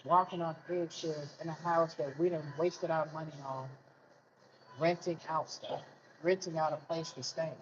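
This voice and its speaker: A man's voice: a little high, steady tone, moderate pace. A man telling a personal story in a casual vlog rant, asking rhetorical questions and repeating himself in colloquial speech. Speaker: vlogger. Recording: muffled lo-fi with faint hiss.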